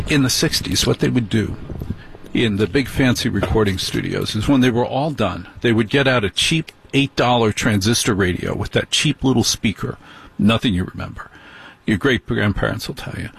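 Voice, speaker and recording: A man's voice: mid-range voice, vocal fry, slight background noise. An older man hosting a late-night radio show, reading listener mail with wry, self-deprecating, rambling asides. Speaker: radio host.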